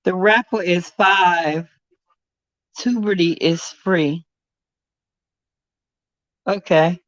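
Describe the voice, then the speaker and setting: A woman's voice: on the low side, extremely slow, fairly bright tone, dry recording. A woman chatting casually on a live stream, greeting viewers by name. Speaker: livestream host. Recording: dull, slightly lo-fi sound.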